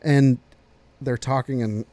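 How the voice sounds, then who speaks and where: A man's voice: medium pitch, takes it slowly. A man co-hosting a podcast, recapping a wrestling storyline in casual chat and acting out the quotes. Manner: animated storyteller, acts out quotes. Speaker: podcast co-host.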